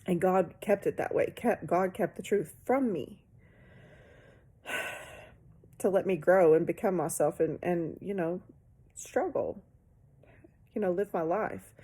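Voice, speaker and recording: A woman in her forties giving an emotional spiritual testimony, slow and halting, sighing, with phrases trailing into whispers. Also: fairly low pitch, dark tone, slightly rough. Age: 40s.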